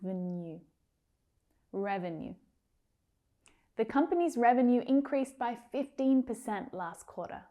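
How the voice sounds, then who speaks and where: A woman teaching English pronunciation, carefully repeating each word slowly. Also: on the high side, expressive, narrow, tinny audio. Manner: careful, drawn-out repetition of words. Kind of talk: slow pronunciation lesson.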